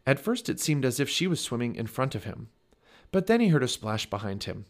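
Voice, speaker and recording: A man reads a children's chapter book aloud for a family podcast, telling the story expressively in a brisk, mid-range voice.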